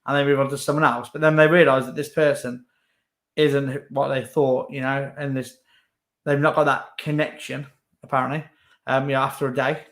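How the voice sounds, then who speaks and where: A man's voice: mid-range voice, flat delivery, brisk, fairly bright tone. Young guy chatting away, lots of um and like, average voice. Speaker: co-host. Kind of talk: casual chat.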